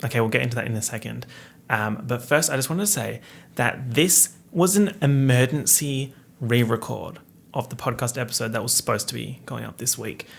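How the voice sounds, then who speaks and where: Campy, sarcastic young man with a gravelly edge. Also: moderate pace, slight background noise. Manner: campy, sarcastic, playful with big pitch swings. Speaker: podcast host. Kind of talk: casual solo podcast chat. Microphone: studio microphone.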